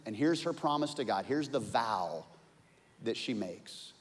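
A man preaching a sermon in an animated way, acting out the voices of the people in his story. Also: on the low side, unhurried, long reverb tail. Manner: animated, acts out quoted voices. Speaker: pastor.

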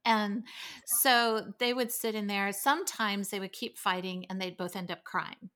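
A middle-aged woman, a podcast guest, telling family stories in a lively way and acting out her children's voices. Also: mid-range voice, measured pace. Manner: animated storytelling, acts out her kids' voices. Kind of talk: casual podcast conversation.

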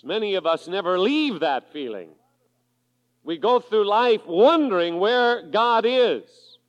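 A man with a high voice preaches slowly and deliberately, giving each phrase room. He reads scripture to his congregation and then explains it. The 1980s recording carries the long reverb of a large church sanctuary. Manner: measured preaching, reading scripture aloud to a congregation. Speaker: pastor. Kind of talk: sermon.

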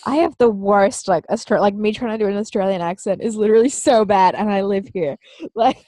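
A woman's voice: medium pitch, brisk, warm tone, dry recording. Enthusiastic young woman, lots of fillers. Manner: enthusiastic, filler-heavy recommending. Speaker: podcast co-host. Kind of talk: casual podcast chat.

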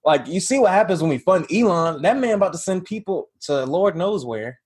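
A man's voice: sits high, animated, fairly quick, a little mellow, slightly rough. A man co-hosting a podcast, speaking casually with laid-back slang. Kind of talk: casual chat.

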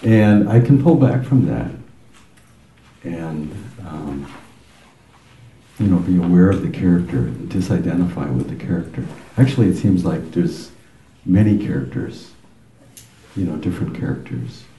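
Slow, halting deep-voiced man. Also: lively intonation, dark tone, echoey room, rough recording. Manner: halting, searching, many fillers. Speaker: retreat participant.

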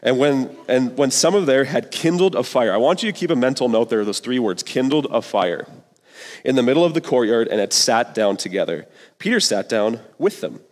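A man's voice: mid-range voice, very animated, normal speed, long reverb tail. A male pastor giving a sermon in an earnest, conversational way, full of casual slang.

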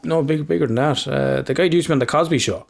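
A man's voice: a little high, rapid-fire, gravelly. A man co-hosting a podcast, telling stories in casual chat, rambling, swearing freely and laughing often. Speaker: podcast co-host.

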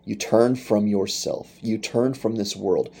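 A man's voice: on the low side, a little slow, gravelly, warm tone, breathy edge. A man preaching a sermon in an earnest manner, reading scripture and voicing quoted speech with rising intensity. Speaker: pastor.

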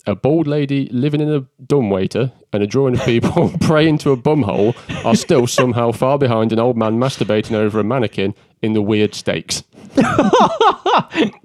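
In a living room, a man co-hosts a podcast on a podcast mic, chatting casually, laughing often and poking fun at himself, a bit coughy from an allergy. His mid-range voice is sing-song at a moderate pace, with no room sound.

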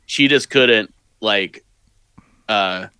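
A man with a lowish but bright, edgy voice chats about old wrestling shows. He halts and restarts, leaning on "um" and "like". The sound is dry and close. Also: clear, resonant tone, no echo. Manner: halting, many fillers, laughs easily. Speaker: podcast co-host. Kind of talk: casual chat recapping old wrestling shows.

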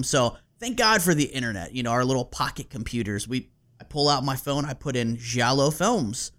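A man hosting a podcast, telling a story in casual chat, animated and laughing, with casual swearing and plenty of fillers. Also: medium pitch, normal speed, hardly any pauses.

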